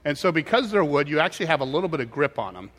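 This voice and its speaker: A man preaching a sermon, telling a story in an animated way with frequent halting restarts. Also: fairly high pitch. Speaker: pastor. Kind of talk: sermon with personal anecdote. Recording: hall with long reverb.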